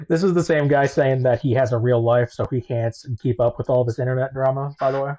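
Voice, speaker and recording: A man's voice: mid-range voice, a little fast, mellow, highs cut off, slight background noise. A man hosting a livestream panel, talking casually and hesitantly with many restarts and second thoughts. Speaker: panel host.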